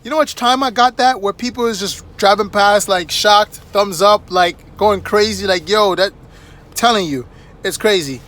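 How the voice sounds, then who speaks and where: A man with a high voice tells casual anecdotes to camera. He is animated and chatty, and keeps tossing in little checks with the listener. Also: moderate pace. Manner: animated, chatty, frequent "right?" asides. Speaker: vlogger.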